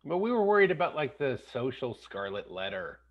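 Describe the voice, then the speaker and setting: A man in his fifties hosting a casual podcast chat, animated, slipping into jokey accent impressions. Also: medium pitch, fairly quick, highs cut off. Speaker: podcast host.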